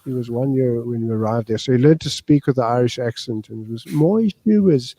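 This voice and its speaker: A male guest in a casual chat, telling stories with warmth and chuckles. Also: medium pitch, fairly even intonation, fast, no echo.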